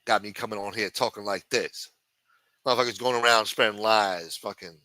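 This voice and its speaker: A man's voice: on the low side, steady tone, normal speed, sharp tone, no echo. A man ranting angrily and profanely as a podcast host. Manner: angry, profane, combative. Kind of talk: profane political rant.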